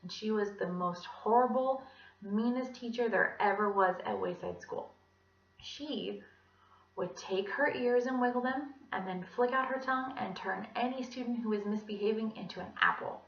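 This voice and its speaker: Animated young woman telling a children's story. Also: mid-range voice, normal speed. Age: young adult. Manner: animated, voices many characters. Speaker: student storyteller. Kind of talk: storytelling performance of a children's book. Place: classroom. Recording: distant mic, roomy, dull sound.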